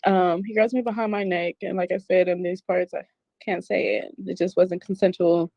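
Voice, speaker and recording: A woman giving a halting, shaken personal account, swearing as she talks. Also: fairly low pitch, fairly even intonation, creaky, no echo. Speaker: woman telling her own story. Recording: dull lo-fi clip.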